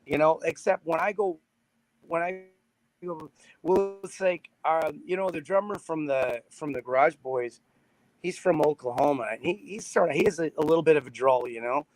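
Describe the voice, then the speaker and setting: A man's voice: a little high, normal speed, a little mellow, poor audio. A man from Canada, a guest on a podcast, talking casually about his band with many restarts and laughs. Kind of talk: casual chat.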